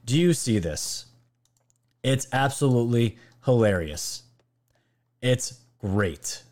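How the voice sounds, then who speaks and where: A man's voice: medium pitch, lively intonation, slow, darkish tone. A man hosting a political commentary show, reacting to clips with mocking, incredulous asides to his viewers.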